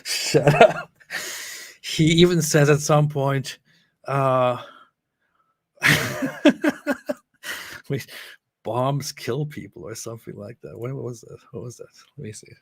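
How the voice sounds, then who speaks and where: A man in the middle of a live reaction stream, mocking what he watches with heavy sarcasm. His voice sits at an ordinary middle pitch, and he jumps from loud jabs to low muttering asides. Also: fairly even intonation, slow pace, gravelly, pauses often, no room sound.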